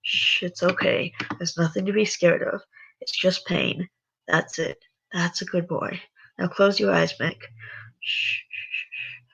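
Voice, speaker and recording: A reader voicing a calm, cruel male kidnapper who coaxes his victim in a soft, menacing way. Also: mid-range voice, measured pace, gravelly, pauses often, slightly rough, highs cut off, exaggerated voice.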